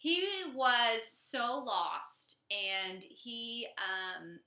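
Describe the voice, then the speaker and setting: A young woman co-hosts a casual podcast, telling stories in an animated way. Her voice is bright and sharp with a slightly higher pitch. The room around her is echoey. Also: drawn-out words. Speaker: podcast co-host.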